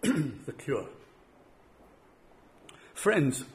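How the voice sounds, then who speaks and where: A man's voice: on the high side, expressive, normal speed, a little mellow. Earnest man preaching a sermon. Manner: earnest, repeats words while building a point.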